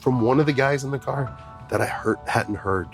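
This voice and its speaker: A man talking as a podcast guest, an animated storyteller who laughs often. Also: medium pitch, moderate pace, vocal fry, faint music behind. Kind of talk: casual conversation.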